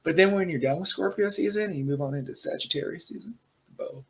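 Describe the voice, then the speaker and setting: A man with a husky, slightly rough voice reads tarot cards casually to camera. He rambles, restarts his thoughts and keeps reassuring the listener directly. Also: fairly high pitch, a little fast, long pauses, low-quality recording. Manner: rambling, reassuring, speaks straight to the viewer. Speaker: tarot reader.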